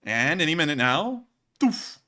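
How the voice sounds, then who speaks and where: A man's voice: medium pitch, very animated, a little fast, pushed and bright. A man casually commenting over war footage as host, joking and rambling and laughing at his own slips. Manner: jokey, rambling, laughs at himself.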